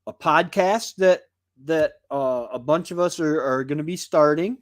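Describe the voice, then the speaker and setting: A man's voice: on the high side, unhurried, no echo, studio quality. A man hosting a casual live stream, rambling and chatty as he greets viewers by name from his home.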